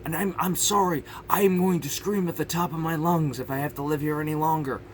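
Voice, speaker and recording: A man's voice: a little high, steady tone, brisk, a little hiss or hum. A young man ranting frustratedly on his vlog from his parents' house, rambling and restarting his sentences. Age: young adult. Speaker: YouTuber.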